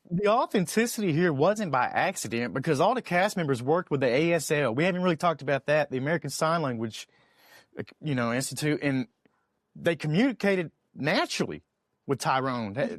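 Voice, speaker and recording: A man co-hosting a podcast in casual chat, expressive and often repeating words. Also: a little high, brisk, no room sound, clean studio sound. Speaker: podcast co-host.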